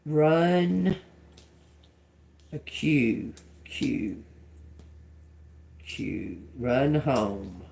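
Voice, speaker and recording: A woman doing an intuitive tarot reading. She repeats channeled words slowly and quietly, then turns chatty when she explains them to viewers. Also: rumbling low, big pitch swings, gravelly. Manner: slow, murmured repetition of channeled words. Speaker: tarot reader.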